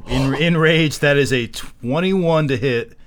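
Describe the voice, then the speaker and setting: A man's voice: a little high, unhurried, a bit bright. A man playing a character in a tabletop role-playing game, talking with many stammered restarts. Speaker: player.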